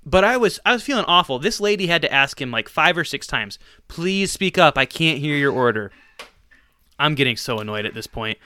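A man co-hosting a podcast spins a long, animated story, laughing at himself as he goes. His voice is bright, smooth and a touch high for a man, heard close and dry with no room around it. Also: dry recording. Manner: animated, self-deprecating storyteller with bursts of laughter. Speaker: podcast co-host. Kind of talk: casual storytelling on a sports podcast.

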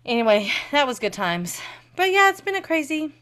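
A woman co-hosting a podcast in casual chat, animated, swearing freely and laughing often. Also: high voice, moderate pace. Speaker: podcast co-host.

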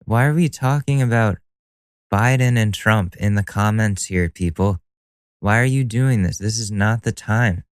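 A podcast host delivers a solo monologue that's casual, profane, and sardonic, and he laughs at his own jokes. His unhurried voice sits a bit low with a smooth, clear tone. The dry recording is close-miked with no room sound.

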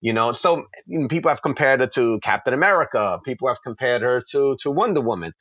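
In an interview, a New York comic book creator tells animated stories that pour out passionately and quickly, slipping in acted asides. He speaks at medium pitch with an expressive, fairly bright tone, recorded with no room sound and clipped highs.

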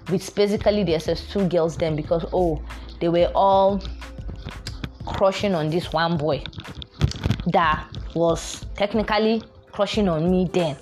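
Animated young Nigerian woman storytelling. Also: on the low side. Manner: animated, mixes in Pidgin phrases. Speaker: vlogger. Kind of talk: casual storytelling.

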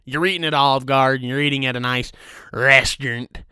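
A young man rants through a comedy segment in a crude, profane, deadpan way. His voice is smooth and clear, and it sits dry and close with no room sound. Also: medium pitch, brisk, dry recording. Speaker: host of a rant show. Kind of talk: comedic rant.

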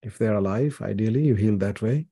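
An older man from India speaks in a low, mellow voice with a slightly husky edge. He tells personal stories earnestly, with many "you know"s. The sound is close and dry. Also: a little fast, no echo. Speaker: podcast guest, author. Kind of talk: reflective interview conversation.

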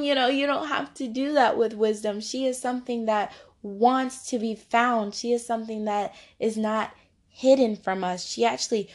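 A young woman with a fairly high voice leads a casual Bible study. She talks in a chatty, upbeat way, laughs often, and slips into playful voices. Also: normal speed.

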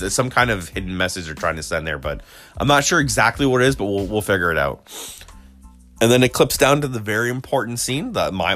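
A man with a fairly low voice talks through a TV episode in a casual, rambling way, retelling scenes and often restarting his sentences. Faint music plays softly behind him. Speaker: TV episode recap vlogger.

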